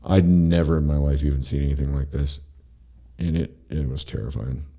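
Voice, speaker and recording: Man, podcast host, deep mellow voice, rambling profane storyteller. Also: steady tone, normal speed. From Pacific Northwest of the US. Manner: rambling, profane, laughs often. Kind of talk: casual storytelling chat.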